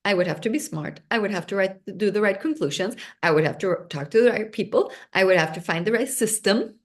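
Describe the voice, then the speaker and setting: A woman hosting an online seminar, talking in a lively, bubbly and intense way. She speaks English as a second language, her first being Swedish. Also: medium pitch, a little fast. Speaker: seminar host.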